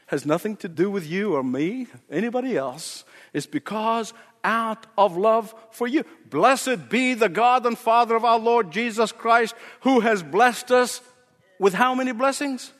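Man preaching, high voice, swooping animated delivery, emphatic repetition, long hall reverb. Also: a little slow. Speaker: pastor. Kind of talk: sermon.

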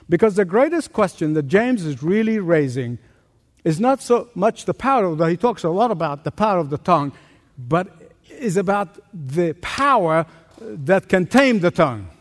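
A man preaching a sermon as pastor, animated, asking rhetorical questions and joking about his own faults. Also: on the high side. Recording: long reverb of a large hall.

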